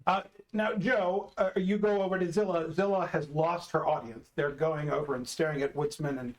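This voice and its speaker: A man narrating as game master, slowing down for vivid descriptions. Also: fairly high pitch, steady tone, low-quality recording.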